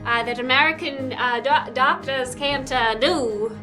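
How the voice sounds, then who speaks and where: A woman's voice: high-pitched, measured pace, over music. A woman doing a vain 1940s starlet. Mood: haughty. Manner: theatrical old-timey drawl, dramatic. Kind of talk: improvised comedy role-play.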